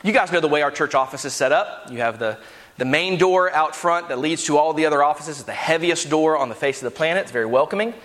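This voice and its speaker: A pastor preaching a sermon with an impassioned delivery that rises to near-shouts. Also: male voice, a little high, fast talker, big-room sound. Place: church sanctuary.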